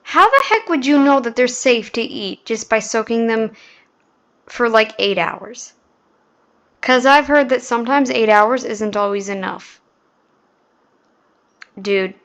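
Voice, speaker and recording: A woman's voice: on the high side, expressive, measured pace, long pauses, a bit bright. A woman hosting a reaction video, talking in a casual, sarcastic and mocking way.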